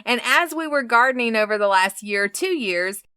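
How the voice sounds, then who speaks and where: A woman's voice: on the high side, lively intonation, normal speed, sharp tone, smooth. A woman co-hosting a faith radio show, chiming in with affirming remarks and summaries. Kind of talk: casual faith broadcast chat.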